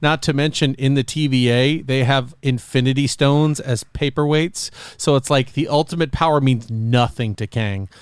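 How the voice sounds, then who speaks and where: Joking podcast host man, smooth voice. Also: medium pitch, normal speed, few pauses, dry recording. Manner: rambling, jokey, plays out quotes in silly voices. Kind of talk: casual chat.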